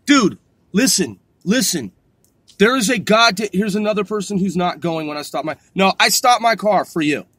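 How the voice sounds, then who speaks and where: A man's voice: sits high, expressive, normal speed, a bit bright, breathy edge, no room sound. A man hosting a podcast, ranting sarcastically from his car and swearing constantly. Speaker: podcast host. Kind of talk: profane ranting monologue.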